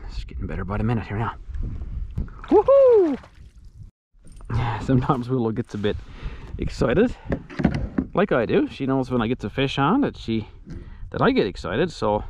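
Excitable man fishing from a kayak. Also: mid-range voice, noisy background. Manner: excitable, talks to his dog and viewers while reeling in fish. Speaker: outdoors vlogger. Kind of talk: casual running commentary while fishing. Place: outdoors on a pond in a kayak.

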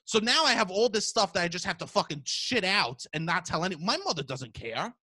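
Loud, animated man in his thirties. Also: high-pitched, brisk. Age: 30s. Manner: loud, profane, animated storytelling. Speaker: podcast host. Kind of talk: casual chat.

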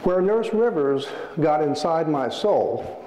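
A man, an author, giving a storytelling lecture in an animated way, acting out the people in his stories. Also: fairly high pitch, takes it slowly. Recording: echoey hall, faint ambience.

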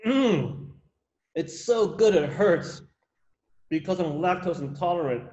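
A man's voice: high voice, lively intonation, takes it slowly, darkish tone, dull audio. A man in a sketch comedy parody, playing the meek, goofy husband of a sanctuary owner.

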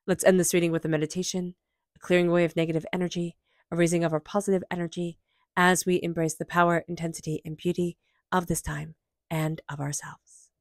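A woman's voice: lowish voice, flat delivery, quick pace, no echo, clean studio sound. A woman giving an intuitive tarot reading, earnest and emphatic, with soothing repeated affirmations. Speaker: tarot reader.

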